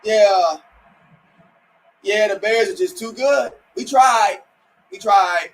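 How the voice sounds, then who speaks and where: A man streaming a live football game, reacting with loud, sarcastic exclamations and rants. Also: high-pitched, slow pace, slight background noise, poor audio. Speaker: sports streamer. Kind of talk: live watch-along reaction.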